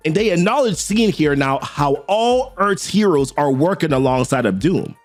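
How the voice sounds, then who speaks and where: Brief: casual male recap narrator, fairly high, lively pitch, faint music under. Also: normal speed. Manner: chatty, repeats "here" and "he's like", addresses viewers as guys.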